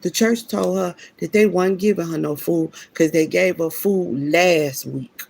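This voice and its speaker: A woman's voice: lowish voice, measured pace, creaky, a little mellow. A woman telling a personal story in a casual, preachy way, emphatic and slangy, often restarting her sentences. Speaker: vlogger.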